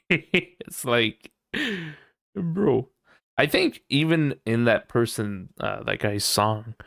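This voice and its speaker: A man's voice: lowish voice, creaky, clear, resonant tone, dry recording, studio quality. A man hosting a casual solo podcast, rambling loosely and laughing often, with lots of "you know". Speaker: podcast host.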